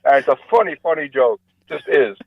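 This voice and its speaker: A man, a comedian guest, telling jokes in a rambling, animated way. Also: a little high, brisk, gravelly, dry recording, dull audio. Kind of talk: casual storytelling interview.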